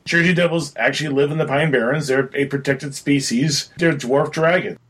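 A man on a podcast pitching a horror game scenario in casual, rambling chat with frequent restarts. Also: normal speed, a bit bright, slightly rough. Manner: rambling, many restarts, chatty.

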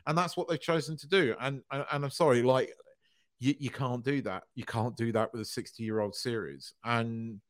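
A man's voice: medium pitch, moderate pace. A man co-hosting a casual podcast, opinionated and swearing as he rants. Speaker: podcast co-host.

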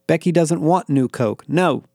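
A man's voice: mid-range voice, normal speed, dark tone, dry recording, clean studio sound, natural voice. A man voicing a bossy, motherly teenage girl who whines and scolds in a raised voice. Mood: scolding. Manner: whiny, defensive, scolding.

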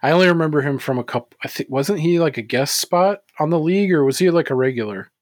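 A man's voice: on the high side, expressive, fast, no room sound, clean studio sound. A man co-hosting a podcast in casual chat, cursing freely and laughing easily. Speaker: podcast co-host.

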